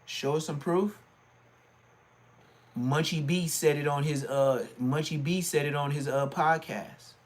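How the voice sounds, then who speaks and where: A middle-aged man, ranting on his livestream and often jumping into a high, mocking voice. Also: unhurried. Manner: animated, swings into high mocking voice. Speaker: livestream host.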